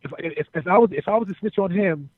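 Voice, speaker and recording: A former wrestler, a man, telling profane, animated stories as an interview guest and repeating his phrases as he goes. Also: high voice, fast talker, no echo. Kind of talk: casual storytelling. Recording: dry, phone-like narrow sound.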